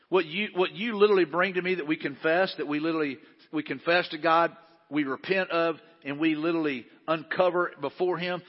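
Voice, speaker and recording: A middle-aged man preaching a sermon, folksy and conversational, often restarting his sentences. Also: a little high. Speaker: pastor. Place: large church hall. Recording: muffled hall recording with long reverb.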